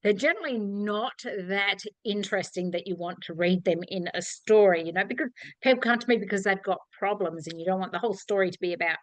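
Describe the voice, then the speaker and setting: An Australian woman in middle age chats on a podcast, telling stories in an animated way and slipping into the voices of the people she quotes. Her voice sits at a medium pitch, and the sound is close and dry with little room around it. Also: fast talker, dry recording, poor audio. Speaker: author guest. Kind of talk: casual podcast chat.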